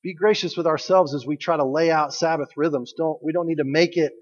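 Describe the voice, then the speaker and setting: Joking pastor preaching in a hall. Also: male voice, fairly high pitch, steady tone, brisk. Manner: conversational and joking, asks the congregation questions. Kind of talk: sermon. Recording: dull audio with long hall reverb.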